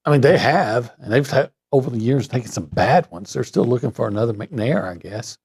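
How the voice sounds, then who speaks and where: Man, sports columnist, gravelly dark voice, measured hedging talk. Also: mid-range voice, expressive. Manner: measured, hedging opinions with pauses and fillers.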